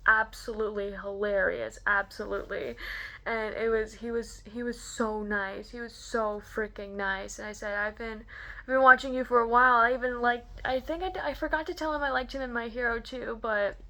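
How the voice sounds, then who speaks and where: A young woman vlogger excitedly telling a story to camera, gushing and full of "like" fillers. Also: fairly high pitch, moderate pace.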